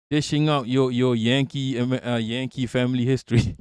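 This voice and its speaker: A man's voice: medium pitch, fairly even intonation, moderate pace, darkish tone, clean tone, no room sound, clean studio sound. A man hosting a livestream, reading viewer comments aloud and answering them in a rambling, profane way. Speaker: livestream host.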